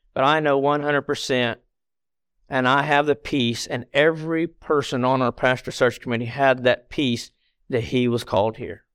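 A man's voice: medium pitch, smooth, no room sound, studio quality. A middle-aged man giving a conversational sermon as a lay church member, earnest and plainspoken, talking directly to the congregation.

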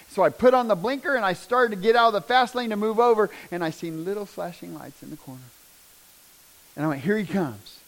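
A middle-aged man telling a personal testimony as a father, his telling raw and intense and swinging from hushed to loud. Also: high-pitched, a little fast, vocal fry. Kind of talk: emotional personal testimony storytelling.

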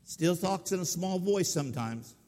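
A man's voice: sits high, lively intonation, normal speed, warm tone. A male pastor telling a story in a sermon, folksy and conversational, often putting questions to his listeners. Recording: long reverb of a hall.

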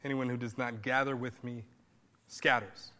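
A man's voice: medium pitch, steady tone, normal speed, sharp tone, big-room sound. A man pastor preaching a sermon in a conversational style, rising now and then to emphatic bursts.

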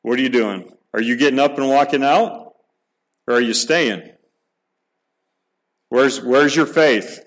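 A man's voice: mid-range voice, unhurried, long pauses, low-quality recording. A middle-aged man preaching a sermon, earnest and emphatic, asking the listeners questions and often repeating words as he restarts a thought. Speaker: pastor.

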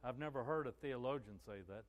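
A man's voice: medium pitch, fairly quick, long reverb tail. A male pastor preaching a sermon in a conversational storytelling way, with frequent "you know" asides.

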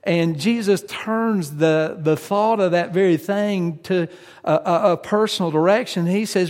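A man's voice: sits high, unhurried, darkish tone. Man preaching a sermon in a reverberant hall. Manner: hesitant with frequent uh fillers, rising to emphatic preaching. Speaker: pastor.

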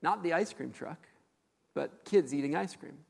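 Animated pastor preaching in a reverberant hall. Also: male voice, on the high side, normal speed, creaky, breathy edge. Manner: animated storytelling preacher with fillers. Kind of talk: sermon.

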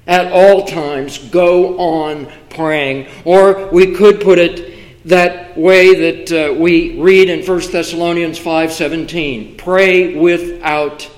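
Slow, high-voiced preacher in an echoey room. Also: male voice, a little mellow. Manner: deliberate, emphatic preaching with measured pauses. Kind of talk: sermon.

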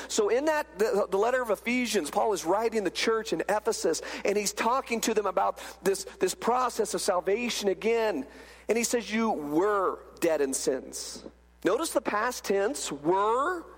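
A man's voice: high voice, big-room sound. A man preaching a sermon as pastor, emphatic and full of rhetorical questions.

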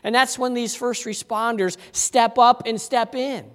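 A man's voice: very high voice, steady tone, measured pace, fairly bright tone. A man preaching a conversational sermon as pastor, telling stories in a folksy way. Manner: folksy storytelling. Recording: long hall reverb.

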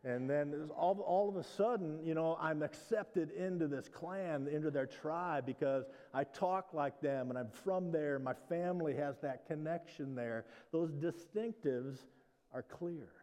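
A male pastor from the Midwest preaches in a relaxed, conversational way, often restarting his phrases. His voice is dark and mellow, and a long reverb trails each line in the church hall. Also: a little high, measured pace. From Midwestern United States. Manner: conversational, with frequent restarts and "you know". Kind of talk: sermon.

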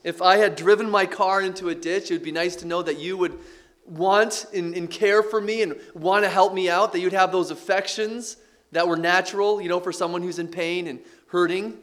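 High-voiced man preaching a sermon. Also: steady tone, a bit bright. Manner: preaching, drawn-out emphatic phrases. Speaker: pastor.

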